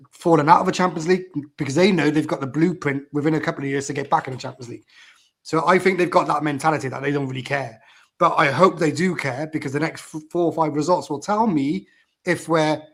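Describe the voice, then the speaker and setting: Scouse fella on a fan show, bit high voice, rambles and repeats himself a lot. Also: male voice. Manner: rambling, repeats words, heated opinions. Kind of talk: live fan show chat.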